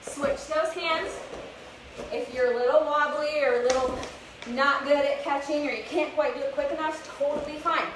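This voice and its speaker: Young woman, fitness instructor, upbeat and encouraging, slightly out of breath, high voice, far from mic, echoey. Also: fairly even intonation, moderate pace. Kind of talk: live kids' workout class. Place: outdoors, open space. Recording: echoey, distant with background noise.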